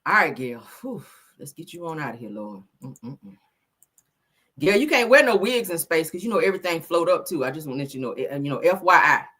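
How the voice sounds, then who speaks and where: A woman hosting a casual gossip show, loud, laughing and full of slang as she teases. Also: sits low, big pitch swings, brisk, husky. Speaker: show host.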